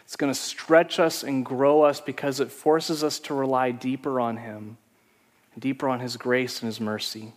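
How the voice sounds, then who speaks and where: A man's voice: medium pitch, fairly even intonation, moderate pace, in a large hall. A man preaching a sermon as pastor, telling stories in a conversational way.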